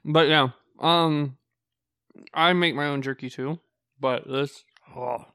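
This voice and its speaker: A man's voice: a little high, fairly even intonation, takes it slowly, pushed and bright, clear, resonant tone, no room sound, clean studio sound. A man co-hosting a podcast, talking in an easygoing, joking way. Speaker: podcast co-host. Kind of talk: casual chat.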